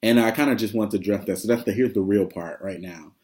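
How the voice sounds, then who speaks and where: A man's voice: on the low side, fast, darkish tone. A man giving a casual vlog update, chatty and rambling, with lots of fillers and frequent laughs. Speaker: vlogger.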